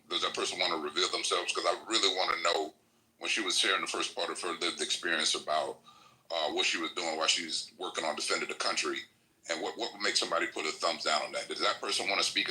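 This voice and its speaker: A man's voice: low-pitched, fast, sharp tone, poor audio. A man moderating a live panel who breaks in earnestly to confront a listener directly. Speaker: host or moderator.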